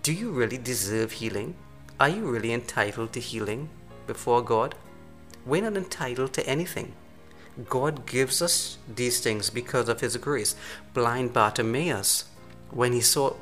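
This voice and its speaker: A man preaching a sermon in an earnest manner, slowing down to stress key points. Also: mid-range voice, a bit bright. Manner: earnest, slows down for emphasis.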